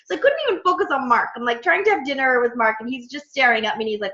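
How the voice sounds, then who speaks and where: A woman in her thirties telling a story to her coaching team in a chatty, animated way, full of quoted dialogue. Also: high voice, racing, few pauses. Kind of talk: casual storytelling talk to a team. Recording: echoey, dull lo-fi room sound.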